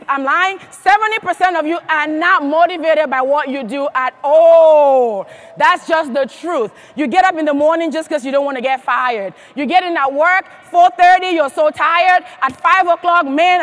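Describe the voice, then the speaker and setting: A woman's voice: sits high, normal speed, fairly bright tone. A woman giving a motivational speech to a live audience, emphatic and firing questions at the crowd. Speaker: motivational speaker at a sales event.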